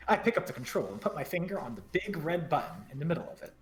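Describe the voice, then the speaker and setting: A man streamer reading a story game aloud, with quick jokey asides. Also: fairly high pitch, soft background music. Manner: fast, lively, joking asides. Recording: roomy echo.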